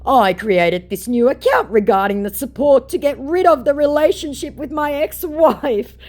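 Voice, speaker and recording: A man's voice: very high voice, moderate pace, pitched above the performer's own voice. A woman voicing a lovesick male scammer posing as an actor, syrupy and begging in broken phrases.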